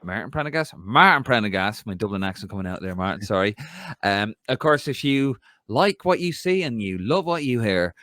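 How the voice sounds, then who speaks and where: A man hosting a football podcast in an upbeat, chatty way. His voice sits a little low but swings widely in pitch. The sound is dry and close, with no room echo. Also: lively intonation, moderate pace, a bit bright. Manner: upbeat, chatty, plugging channels. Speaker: podcast host. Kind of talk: casual podcast chat.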